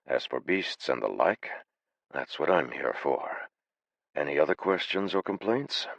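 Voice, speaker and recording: A man voicing a calm, unflappable male adventurer leader who speaks flatly and matter-of-factly. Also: rumbling low, unhurried, creaky, no room sound, muffled recording, exaggerated voice. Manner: calm, flat, matter-of-fact.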